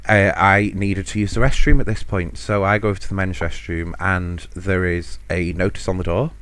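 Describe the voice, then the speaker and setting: Deep-voiced man telling stories. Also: flat delivery, normal speed, a bit bright, smooth. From United Kingdom. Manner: rambling and self-mocking, chuckling often. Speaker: podcast host. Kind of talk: casual solo storytelling.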